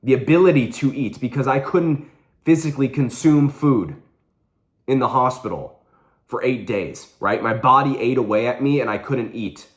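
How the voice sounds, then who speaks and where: A man's voice: mid-range voice, normal speed. A young man vlogging, telling a personal story with earnest intensity and repeating phrases for emphasis.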